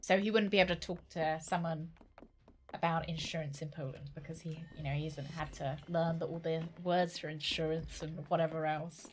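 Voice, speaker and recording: A woman's voice: deep voice, steady tone, moderate pace, slight background noise. A woman streaming a game, chatting casually with her viewers and often restarting her sentences. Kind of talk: casual chat while gaming.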